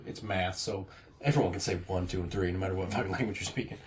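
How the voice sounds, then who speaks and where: A young man telling profane, animated stories in a casual podcast chat recorded at a party, acting out quotes as he goes. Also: sits low, fast, noisy background. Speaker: podcast host. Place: house party.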